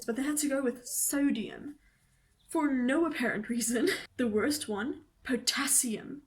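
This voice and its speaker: A young woman from South Africa with an Afrikaans accent and Afrikaans as her first language. She vlogs to camera in a casual, animated, emphatic way, with bursts of mock indignation. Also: fairly high pitch, slow. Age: young adult. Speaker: vet student vlogger. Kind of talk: casual vlog talk to camera.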